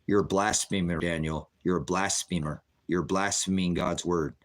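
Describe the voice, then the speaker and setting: A man's voice: low-pitched, fairly even intonation, normal speed. A middle-aged man preaching bluntly on a livestream, answering viewers' chat questions in a combative, sermonizing way.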